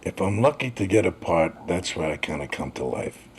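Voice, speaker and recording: A man's voice: low voice, very animated, normal speed, slight background noise. An elderly man in his eighties, a veteran actor, reflecting on acting in an interview. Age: 80s.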